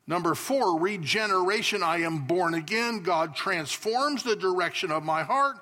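Man, pastor, sermon, emphatic, fairly high-pitched. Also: normal speed. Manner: emphatic, swings between loud declarations and soft asides. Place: church sanctuary.

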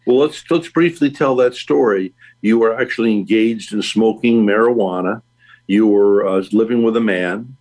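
A man's voice: fairly low pitch, normal speed, a little mellow. A man hosting an interview, guiding his guest with prompting questions. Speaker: host.

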